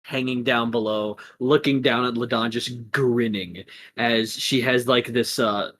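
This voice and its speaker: A man narrating a tabletop role-playing game as game master, casual and animated, with many fillers. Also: mid-range voice, unhurried, slight background noise.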